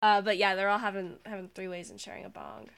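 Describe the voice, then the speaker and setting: A woman with a bright, clear-edged voice chats casually, reacting quickly to her co-hosts. She talks at an ordinary pitch. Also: level tone, no echo. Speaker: podcast co-host. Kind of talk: casual chat.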